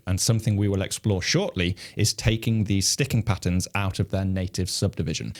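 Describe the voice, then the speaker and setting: A male drum teacher with a somewhat low voice walks through stickings step by step. He sounds calm and methodical and counts the beats aloud as he plays. His manner is patient and instructional. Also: a little fast, few pauses.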